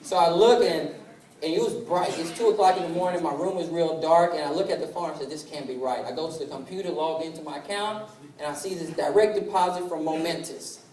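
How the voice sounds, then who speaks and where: A young man with a high voice gives a motivational sales talk, acting out the people in his stories. He is picked up from a distance in a roomy, echoing hall with faint ambience behind him. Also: fairly quick, a little mellow. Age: 20s. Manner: storytelling that acts out family dialogue. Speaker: sales presenter. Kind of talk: motivational business presentation.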